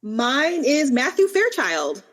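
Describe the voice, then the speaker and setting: A woman's voice: high voice, big pitch swings, takes it slowly, a bit bright. Chatty young woman book podcaster. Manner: chatty, laughs at herself. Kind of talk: casual book chat.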